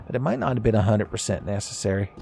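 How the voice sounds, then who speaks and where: A man giving casual, joking commentary while playing a game, his voice a little raspy today and often breaking into laughs at his own asides. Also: on the low side, sing-song, quick pace, dark tone. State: slightly raspy voice. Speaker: gaming commentator. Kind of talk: casual let's-play commentary.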